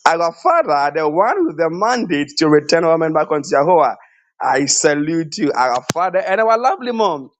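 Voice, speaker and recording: A man's voice: a little high, very animated, normal speed, dry recording. A man on a live online show, greeting viewers one by one by name and laughing often, talking over a phone line with a weak network. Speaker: show correspondent.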